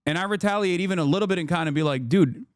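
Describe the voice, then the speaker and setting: A man in his thirties giving casual, sarcastic commentary on the news, swearing and breaking into loud mocking voices. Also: racing, smooth, dry recording, clean studio sound. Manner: animated, sarcastic, swears, mocks others in loud shrill put-on voices. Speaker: political streamer reacting to news.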